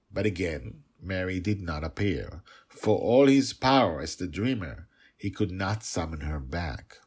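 A man reading his own serialized fantasy story in an expressive storybook narration. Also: deep voice, normal speed, slightly rough. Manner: expressive, rising and falling for emphasis.

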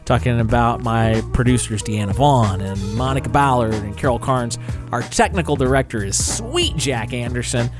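A man's voice: mid-range voice, expressive, normal speed, music in the background. A man hosting a weekend radio talk show, speaking upbeat into a studio microphone as he wraps up the hour. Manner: upbeat, wrapping up with sign-offs. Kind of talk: radio interview.

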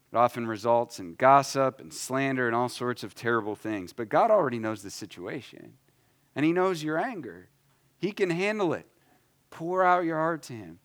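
A man preaching a conversational sermon, acting out short prayers in his own voice and swinging between loud, emphatic lines and quiet asides. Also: mid-range voice. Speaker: pastor.

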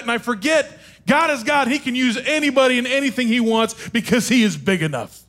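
A man with a notably high voice preaches from a stage. He tells his own story with animated, self-deprecating humor and pokes fun at himself as he goes. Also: brisk. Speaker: speaker. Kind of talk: sermon with personal storytelling.

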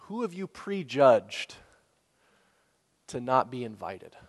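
A man preaching a sermon in a relaxed, conversational way, asking the listeners questions and laughing now and then. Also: medium pitch, slow. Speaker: pastor. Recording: long hall reverb.

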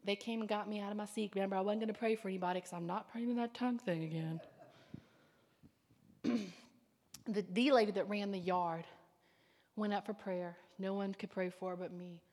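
A woman preaching a sermon with fervor, swinging between loud declarations and hushed whispers. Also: mid-range voice, steady tone, fairly quick, long pauses. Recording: long hall reverb.

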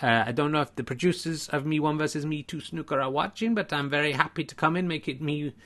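A man's voice: fairly high pitch, fairly bright tone, natural voice. Brief: male comic doing a cocky Welsh alter ego, lilting, raised and stretched. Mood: boastful. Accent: Welsh, put on. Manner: cocky, sing-song, drawn-out.

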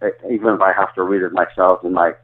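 On a tinny phone line, a low-pitched man with an Irish accent calls in as an interview guest. He talks fast in a level tone, earnest but often stumbling and repeating words.

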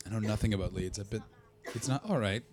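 Profane, mocking comic. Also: male voice, on the low side, fast. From Canada. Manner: profane, mocking, loud bursts. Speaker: stand-up comedian. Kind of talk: crowd work stand-up.

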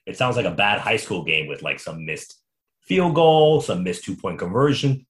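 A man hosting a casual sports podcast, telling stories in an animated, quick way with frequent restarts. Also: low voice. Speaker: podcast host.

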